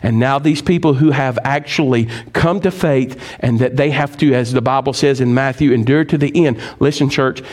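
A man preaching a sermon, speaking straight to his congregation with questions, swinging from loud, high emphatic stretches to low, quiet ones. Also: normal speed, few pauses. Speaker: pastor.

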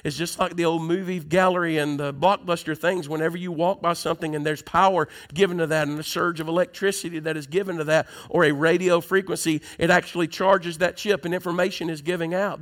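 A male pastor preaching a sermon, moving from conversational teaching to loud, emphatic preaching. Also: a little high.

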